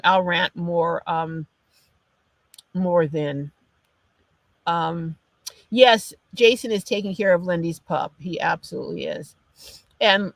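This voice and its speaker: A livestream host with a runny nose chats her way through viewer comments, apologizing and starting over again and again. She speaks at a medium pitch with a fairly bright tone on a dry recording.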